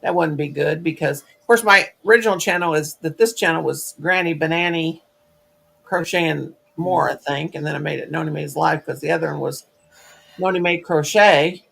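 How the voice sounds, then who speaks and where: Gravelly older woman chatting on a stream. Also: low-pitched, moderate pace, a bit bright. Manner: rambling storyteller, full of restarts and asides. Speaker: host of a crochet livestream. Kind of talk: casual livestream chat.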